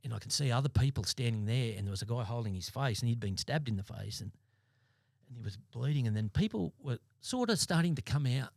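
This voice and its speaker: An Australian man in his fifties, a former police sergeant, telling his story as a podcast guest in a blunt, halting way with many restarts. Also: medium pitch, lively intonation, vocal fry, a little mellow, dry recording, clean studio sound. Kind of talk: interview storytelling. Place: podcast studio.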